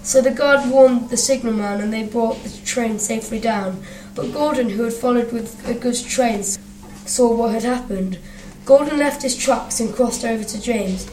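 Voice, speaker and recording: A woman reading a children's storybook aloud, expressive and doing character voices. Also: fairly high pitch, moderate pace, a little hiss or hum. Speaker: narrator. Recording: echoey room, distant mic, faint ambience.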